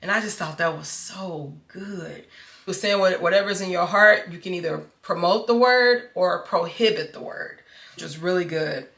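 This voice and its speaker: A woman's voice: lowish voice, normal speed, creaky, fairly bright tone, roomy sound. A woman vlogger chatting casually and animatedly straight to her viewers from her home office. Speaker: fashion and lifestyle vlogger. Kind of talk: casual chat to camera.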